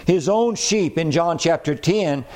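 Preacher, male, mellow tone, emphatic sermon delivery, slows for scripture. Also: fairly high pitch, lively intonation. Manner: emphatic, repeats key phrases, slows on scripture.

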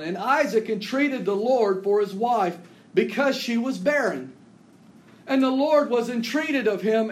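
A male pastor delivering a sermon in a notably high voice for a man, taking each phrase slowly and deliberately. He reads scripture aloud with rising emphasis, and his lines sink low and quiet at their ends. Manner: earnest preaching, drawn-out phrases that drop low and soft at the ends.

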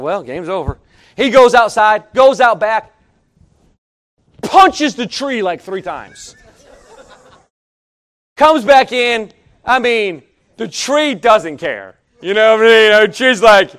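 A man with a strikingly high voice preaches in a folksy manner. He tells a joking, animated story to his congregation. His delivery swings from quiet asides to near-shouts. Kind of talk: sermon with storytelling.

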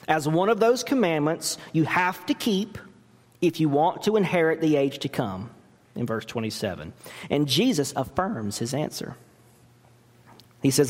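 Man, pastor, sermon, fairly high voice, emphatic, rhetorical questions, long hall reverb. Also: darkish tone.

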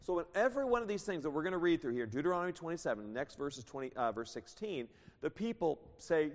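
A male preacher with a fairly high voice and a lively, swooping delivery, reading scripture and explaining it verse by verse, at times raising his voice. The sound rings with a long hall reverb, as in a church sanctuary. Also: fast. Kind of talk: sermon.

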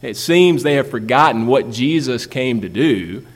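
A man's voice: mid-range voice, expressive, a little slow. A man preaching a sermon as pastor, building emphasis and asking rhetorical questions. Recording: long reverb of a large hall.

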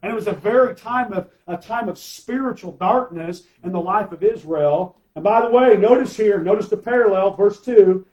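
A man's voice: high-pitched, moderate pace, few pauses, a little mellow, rough recording. A male pastor preaching a sermon, emphatic, asking rhetorical questions and calling for amens from the congregation.

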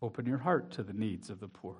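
A man's voice: on the low side, fairly quick, husky. A man preaching a sermon as pastor, reading scripture aloud and speaking to the children in the congregation with rising emphasis.

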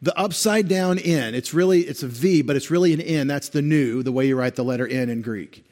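A pastor with a fairly high, fairly quick, darkish voice gives an expository sermon, patiently explaining Greek grammar and directing attention to a screen like a teacher.

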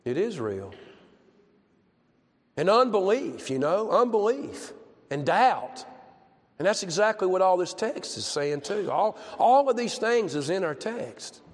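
A man's voice: high voice, sing-song, measured pace. A man preaching a conversational sermon, telling a personal story and asking the congregation questions again and again. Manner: repetitive, rhetorical questions to the congregation. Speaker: pastor. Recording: long hall reverb.

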